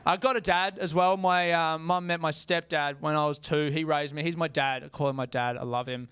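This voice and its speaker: A man's voice: fairly high pitch, fairly even intonation, a little fast, fairly bright tone. An Australian man performing stand-up comedy, casual and self-mocking, with frequent swearing.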